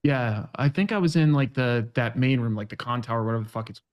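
Guest expert, man, mid-pitched, relaxed and jokey, casual podcast talk. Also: fast talker, clean tone, muffled recording. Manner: laid-back, joking, swears casually. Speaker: options trading guest expert.

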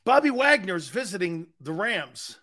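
High, bright-voiced man telling rambling stories. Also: sing-song, a little slow. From Sicilian-American heritage. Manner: rambling storytelling, acting out quoted voices; laughs often between lines. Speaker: sports radio host. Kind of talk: animated sports talk show banter.

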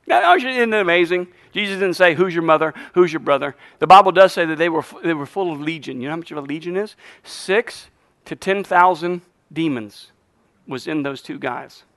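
A man's voice: on the high side, lively intonation, moderate pace, fairly bright tone, dry recording. A man preaching a sermon as pastor in a church, fiery, leading the congregation in call-and-response and tossing in jokes.

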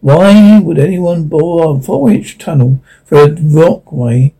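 Guy doing a jumpy crewman, hand on his gun, raspy dark voice, storybook reading. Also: on the high side, slow pace, heavily acted. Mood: questioning. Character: wary male crew member with gun in hand.

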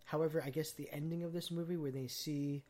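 A man's voice: fairly high pitch, steady tone, brisk, warm tone. A man hosting a podcast, chatting casually about a film and piling on cast trivia with plenty of ums. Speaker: podcast host. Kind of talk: casual movie chat.

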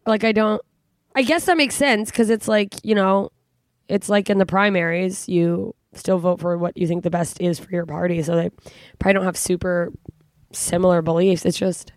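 A young woman from California hosting a podcast solo, ranting in a rambling, exasperated and profane way, full of fillers and sudden jumps in pitch. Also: steady tone, moderate pace, no room sound, clean studio sound. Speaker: podcast host. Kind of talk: casual solo podcast rant.

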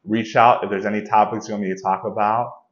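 Earnest low-voiced man, lo-fi audio. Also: little pitch movement, brisk. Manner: earnest, reflective, conversational with frequent restarts. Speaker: podcast host. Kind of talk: solo motivational talk.

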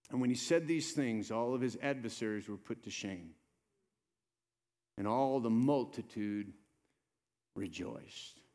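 A man preaches to his congregation, his mid-pitched voice swelling into urgent, ringing appeals and then dropping low and quiet. The sanctuary's long reverb trails after each phrase. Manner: animated preaching that swings from loud urgent appeals to low soft tones. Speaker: pastor. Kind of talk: sermon. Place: church sanctuary. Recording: live church sermon with long reverb.

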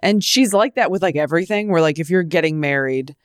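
A young adult woman co-hosting a casual podcast, telling stories with sarcastic, animated asides. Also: low-pitched, brisk, no room sound, studio quality. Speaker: podcast co-host. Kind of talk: casual chat. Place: living in New York.

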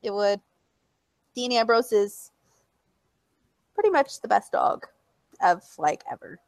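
A woman's voice: medium pitch, lively intonation, slow pace, no echo, poor audio. A woman co-hosting a casual chat, bubbly and outspoken, who swears now and then and squeals when she quotes people. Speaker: podcast co-host.

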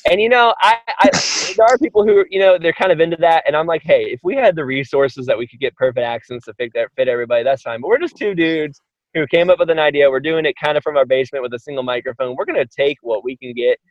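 A man's voice: fairly high pitch, quick pace, no room sound, lo-fi sound. A man talking casually as a guest on a podcast, an enthusiastic and chatty storyteller.

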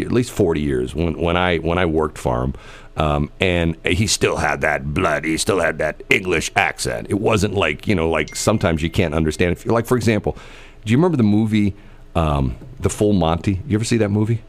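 A middle-aged man from the American Midwest chatting casually, rambling through stories with many fillers and restarts. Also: sits low.

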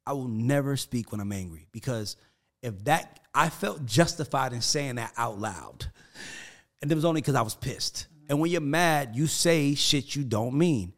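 Animated man telling stories on a podcast. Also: mid-range voice, a little slow. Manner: animated storyteller who acts out quotes, curses freely. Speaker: podcast guest. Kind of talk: casual podcast chat.

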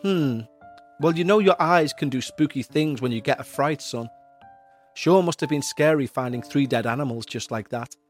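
A man's voice: medium pitch, normal speed, faint music behind, natural voice. A man voicing a reassuring, matter-of-fact elderly grandfather.

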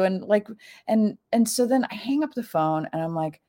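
A woman's voice: lively intonation, normal speed, dark tone. A middle-aged woman telling a personal story in a chatty, casual way, full of fillers and acting out what people said. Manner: chatty, full of "like" fillers, acts out quoted lines with big pitch jumps.

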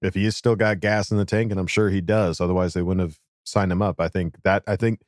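A man co-hosting a casual sports podcast, talking quickly and laughing often. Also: low-pitched, level tone, dry recording, studio quality. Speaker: podcast co-host.

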